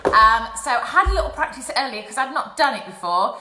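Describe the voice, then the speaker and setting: A woman's voice: a little high, lively intonation, brisk, echoey room, heavy background noise. A young woman presenting a live craft session for children from her home, chatty and apologetic. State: out of breath. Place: home, indoors. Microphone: phone or webcam livestream.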